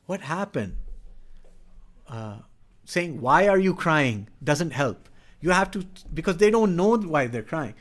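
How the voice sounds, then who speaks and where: A middle-aged man with a slightly higher speaking voice gives an earnest, patient explanation. He teaches as he talks, now and then slipping into the lines a parent or child might say to show his point. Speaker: educator speaking on child development. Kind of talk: explanatory talk.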